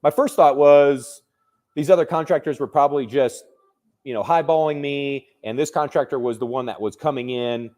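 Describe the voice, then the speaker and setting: A real estate investor recounting a personal story in a casual, conversational way, full of restarts and fillers. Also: male voice, mid-range voice, a little mellow.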